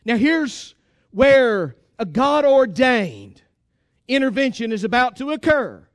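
High-voiced preacher exhorting his church. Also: sing-song, slow pace, dry recording, clean studio sound. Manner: emphatic, exhorting, repeats phrases. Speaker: pastor. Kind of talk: sermon.

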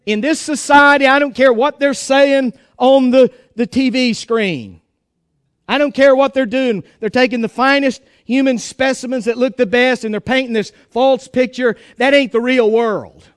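A man's voice: very high voice, normal speed, clear, resonant tone, no room sound, clean studio sound. A man preaching a sermon in a folksy, joking and emphatic way.

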